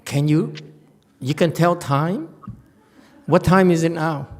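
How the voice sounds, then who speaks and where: A man with a somewhat high voice teaches a Buddhist Dharma lecture in a meditation hall. He talks informally and bluntly, scolding his listeners and hammering the same words again and again. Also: slow pace. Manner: blunt, scolding, repeats himself for emphasis.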